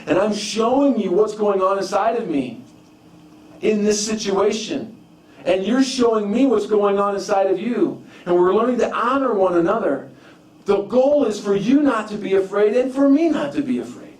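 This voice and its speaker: A man's voice: high-pitched, expressive, moderate pace, a little mellow. A man preaching a conversational sermon, repeating and restarting phrases as he tells personal stories. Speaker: pastor. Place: church sanctuary. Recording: echoey room from far off.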